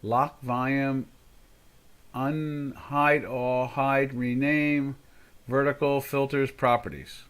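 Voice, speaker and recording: Older man, live stream host, bright tone, rambling casual chat. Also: mid-range voice, level tone, slow pace, clean tone. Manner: chatty, thinking aloud while fixing settings. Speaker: trading show host.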